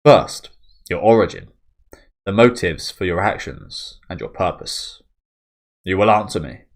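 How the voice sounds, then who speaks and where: A man's voice: sits low, very animated, measured pace, vocal fry, exaggerated voice. A man reading out a proud young woman knight commander who gives curt, imperious orders. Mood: formal.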